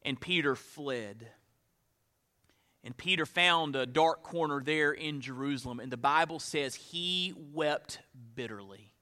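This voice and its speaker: Bright, high-voiced preaching man. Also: a little slow. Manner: dynamic preaching, drops to hushed tones for emphasis. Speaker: pastor. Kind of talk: sermon.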